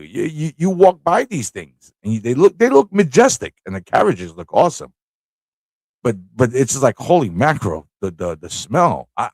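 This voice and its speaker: This live-stream host, a New York City man, tells loose stories peppered with curses and laughter in a casual chat. The voice is fairly high in pitch yet darkish in tone, recorded dry.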